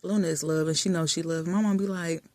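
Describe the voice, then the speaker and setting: A woman vlogger chatting casually and affectionately while lying in bed in a dark room, often dropping to soft murmurs. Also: low voice, fairly even intonation, quick pace, no echo. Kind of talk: casual chat.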